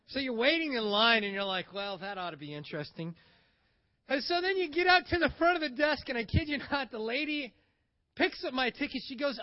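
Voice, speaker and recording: A man telling a travel story in a casual, animated way, acting out the lines of the people he meets. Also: very high-pitched, fairly quick, lo-fi sound. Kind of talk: casual spoken anecdote.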